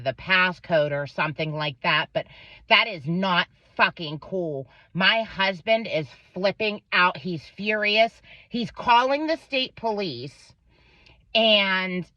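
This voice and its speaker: A woman's voice: lowish voice, sharp tone, no echo, lo-fi sound. A woman telling an angry story about her son and a neighbor, swearing freely and acting out what each person said. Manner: profane, heated, quotes others in voices.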